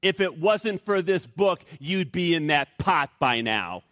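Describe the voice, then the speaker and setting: A man voicing a calm converted cannibal giving a dry, wry reply. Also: fairly high pitch, a little slow, no echo.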